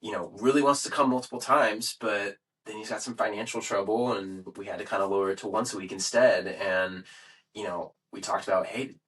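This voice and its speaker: A man co-hosting a casual podcast, talking about his patients in a quick, matter-of-fact way. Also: on the low side, fairly even intonation, fairly bright tone, recorded from a distance, poor audio. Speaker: podcast co-host, physical therapist. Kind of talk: casual chat.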